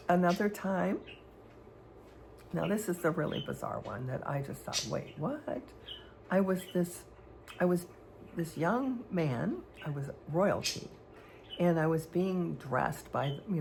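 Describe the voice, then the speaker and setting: A woman's voice: low-pitched, vocal fry, slight background noise. A woman vlogger telling personal stories in a rambling, hesitant way, full of fillers and restarts. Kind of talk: candid personal storytelling.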